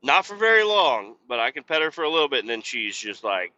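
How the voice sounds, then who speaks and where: A man's voice: medium pitch, animated, fairly quick, few pauses, sharp tone, highs cut off. A man hosting a podcast, rambling and cussing his way through casual stories while driving a truck. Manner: rambling, profane, laid-back storytelling. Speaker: podcast host. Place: truck cab on the road.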